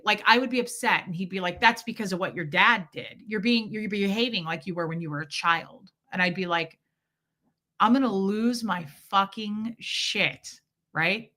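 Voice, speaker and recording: With a sharp tone and a mid-range voice at a moderate pace, a woman running a casual livestream talks openly to her live audience. She recounts a personal story, voicing the people she quotes.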